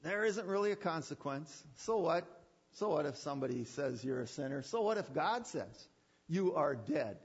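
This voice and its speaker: A man preaching voices Satan as a soft, breezy tempter who shrugs off sin. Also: fairly high pitch, lively intonation, moderate pace, husky, voice pushed down. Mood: dismissive. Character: coaxing, dismissive male Satan tempter. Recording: dull lo-fi sermon recording.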